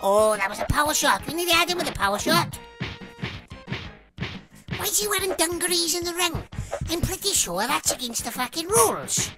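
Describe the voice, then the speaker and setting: A high-voiced British woman curses her way through a retro boxing game, her pitch leaping wildly as she cheers and yells. Game music plays loudly behind her. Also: big pitch swings, normal speed, pauses often. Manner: foul-mouthed, shouting insults at the screen. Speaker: gamer. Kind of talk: let's play commentary.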